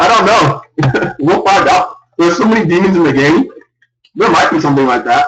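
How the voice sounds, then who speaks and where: A young man ranting loudly and in exasperation on a live gaming stream. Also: expressive, moderate pace. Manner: loud, exasperated ranting with big pitch swings. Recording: echoey room, far from the mic.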